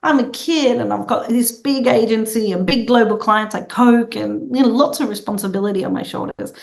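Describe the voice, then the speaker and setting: A woman guest in a conversational interview, telling stories in a playful, animated way. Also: a little high, moderate pace, creaky.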